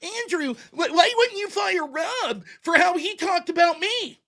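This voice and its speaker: A man's voice: very high voice, lively intonation, measured pace, fairly bright tone, pitched above the performer's own voice, full character voice. A man mimicking a whiny complaining woman. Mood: whiny mocking. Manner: whining, pleading.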